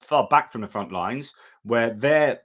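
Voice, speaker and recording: A chatty middle-aged man hosting a live news commentary stream. His voice sits at an ordinary mid pitch, and he reads headlines and thanks viewers in a loose, conversational flow full of restarts. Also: animated, measured pace. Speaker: livestream news host.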